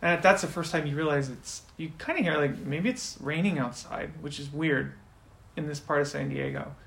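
A man's voice: on the high side, normal speed, creaky. Man narrating a tabletop game in an echoey room. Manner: voices characters with sudden loud outbursts. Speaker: game master.

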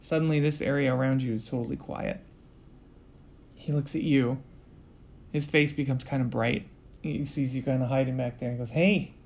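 A man's voice: mid-range voice, fairly even intonation, moderate pace, vocal fry, pauses often, a little mellow. A man acting as game master, narrating a tabletop role-play game in a casual, loose way.

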